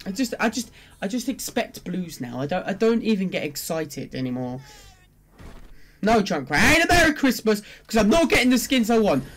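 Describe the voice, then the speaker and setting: An excitable gamer reacts out loud while opening loot boxes, swinging between glum muttering and sudden shouts. The voice sits in a middle pitch and bounces around a lot. Faint game music plays underneath. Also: moderate pace. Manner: complains and pleads at the game. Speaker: gaming video creator.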